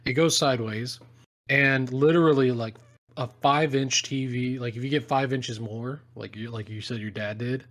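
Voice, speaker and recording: A man's voice: mid-range voice, fairly even intonation, normal speed, a bit bright. A young man co-hosting a comedic podcast, ranting sardonically and swearing a lot. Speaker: podcast co-host. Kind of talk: crude comedic podcast banter.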